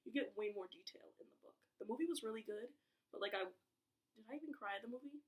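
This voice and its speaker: A woman's voice: fairly high pitch, fast, poor audio. A young woman chatting casually on her vlog, thinking aloud and reacting dramatically. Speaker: booktuber.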